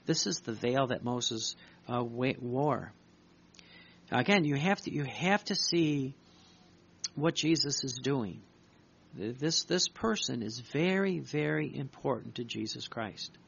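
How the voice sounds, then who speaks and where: A man's voice: medium pitch, lively intonation, takes it slowly, gravelly, fairly bright tone, slightly rough. A man preaching urgently, reading devotional writings aloud and breaking off to comment, repeating his points for emphasis. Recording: dull lo-fi recording.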